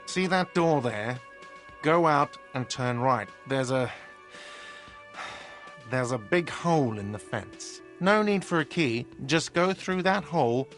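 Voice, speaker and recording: An actor playing an irritable hostel manager who grumbles defensively and sounds petty. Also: male voice, mid-range voice, expressive, slow pace, a bit bright, faint music behind. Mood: grumbling.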